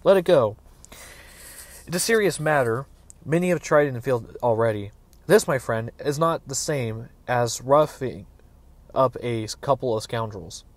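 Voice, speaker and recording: A man reading aloud, voicing a gruff, officious middle-aged castellan in a fantasy story. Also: measured pace, no room sound, lightly acted. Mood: blustering. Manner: exclaiming, higher and louder than the narration. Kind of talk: dramatic audiobook reading.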